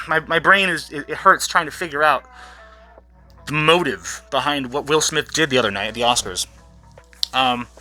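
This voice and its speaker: A man's voice: fairly high pitch, sharp tone. A man hosting a commentary channel, ranting in a rambling, profane way from behind a mask that muffles his voice, often tripping over his words. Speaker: YouTube commentary host.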